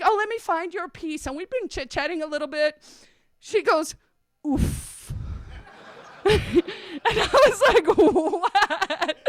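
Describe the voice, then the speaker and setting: A woman's voice: high-pitched, no room sound. A middle-aged woman with a South African accent giving a chatty, self-mocking conference talk, telling stories about her slides. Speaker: conference speaker. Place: conference hall stage.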